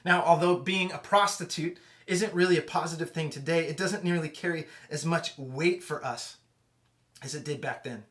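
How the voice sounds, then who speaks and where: Young adult male youth pastor, casual storyteller, restarts a lot, goes hushed at tender parts. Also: on the high side, moderate pace. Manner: conversational, many restarts, drops to hushed tones for emotional moments.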